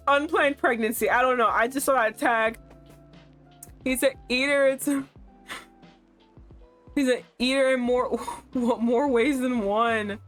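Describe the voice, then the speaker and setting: A woman streams a dating game, reading its text aloud and reacting with animated, laughing outbursts. Her pace is slow and drawn out. Faint music plays under her voice. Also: on the high side.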